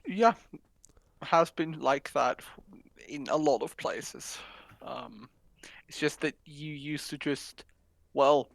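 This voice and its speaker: A man's voice: fairly high pitch, lively intonation, slow pace, creaky, pauses often, no room sound, low-quality recording. A man co-hosting a political podcast, talking casually in an offhand, sweary manner. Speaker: podcast co-host.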